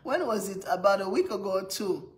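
A woman's voice: mid-range voice, lively intonation, a little fast, low-quality recording. Chatty mother with a strong accent. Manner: chatty, laughs often, greets viewers by name; strong non-native accent. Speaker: mother livestreaming to viewers. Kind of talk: casual live-stream chat.

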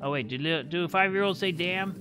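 A man's voice: high-pitched, brisk. A man streaming a game, chatting casually with crude jokes and lots of swearing. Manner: crude, joking, swears often. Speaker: gaming streamer. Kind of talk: casual gameplay commentary. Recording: game music behind.

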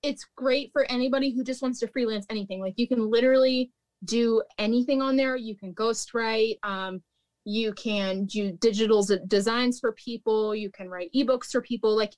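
A woman with a somewhat high voice tells stories from her restaurant days. Her talk is loose and chatty, full of "like", with frequent laughter. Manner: chatty, peppered with "like", laughs often. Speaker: guest, former restaurant manager. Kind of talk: casual storytelling chat.

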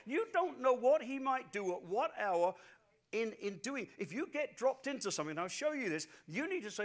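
Male pastor, high-pitched, energetic storytelling sermon delivery with repeated emphatic phrases. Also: moderate pace.

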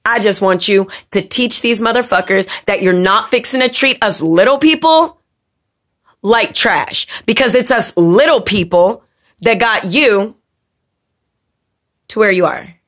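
A woman's voice: medium pitch, expressive, measured pace, fairly bright tone. A woman ranting to camera as a vlogger, blunt and profane, scolding and repeating words for emphasis. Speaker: vlogger and makeup teacher. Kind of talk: angry casual rant to camera.

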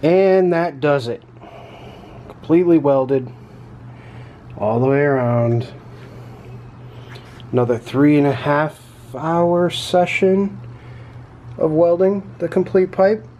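A man's voice: on the high side, slow pace, pauses often, muffled recording, a little hiss or hum. Laid-back man in a fab shop. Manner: relaxed and plain-spoken, with casual swearing. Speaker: fabricator showing his welding work. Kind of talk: casual show-and-tell.

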